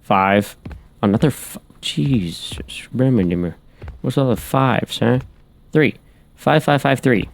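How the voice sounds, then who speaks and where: A man's voice: mid-range voice, expressive, slow pace, creaky, a little hiss or hum. A man hosting a horror game playthrough, muttering to himself as he works through codes and making wry asides. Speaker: gaming channel host. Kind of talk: let's play commentary.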